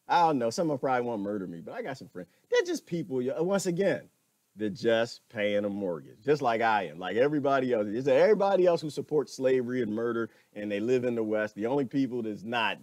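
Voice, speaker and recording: Animated man ranting on a livestream. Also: medium pitch, no room sound. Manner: animated, laughing, talks back to chat comments. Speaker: livestream host. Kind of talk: casual livestream rant.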